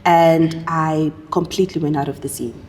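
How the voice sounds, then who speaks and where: A woman's voice: low-pitched, moderate pace. A woman, a model and actor telling stories in an interview and acting out other people's voices. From Namibia. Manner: animated storyteller, acts out other voices. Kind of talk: casual interview storytelling. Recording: long reverb, faint noise.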